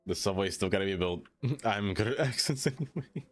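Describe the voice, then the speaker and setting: A man's voice: fairly low pitch, expressive, brisk. A young man chatting casually on a live stream as he plays a city-building game. He talks to the things he builds and laughs often. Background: faint music.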